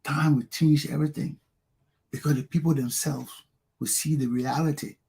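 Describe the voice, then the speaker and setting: Liberian talk show host, fiery preachy delivery, husky, slightly high voice. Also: male voice, steady tone, moderate pace. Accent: Liberian English. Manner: preachy and fiery, swings from low intensity to shouting. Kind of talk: impassioned monologue.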